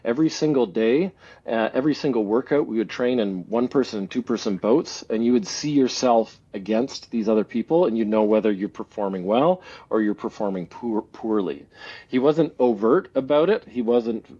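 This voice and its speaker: A man's voice: mid-range voice, lively intonation, moderate pace, dark tone, breathy edge. A Canadian man in his forties, a guest speaking reflectively in a casual interview, often laughing and restarting his thoughts. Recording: slightly dull lo-fi audio.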